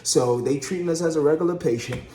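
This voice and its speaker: A man spins a lively story about his wife's labor, calling out to viewers as he goes. His voice sits a little high. The room around him is echoey. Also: fast talker, faint music behind. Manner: animated, chatty, addresses viewers as y'all, acts out quotes. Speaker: husband telling a birth story. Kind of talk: casual storytelling vlog.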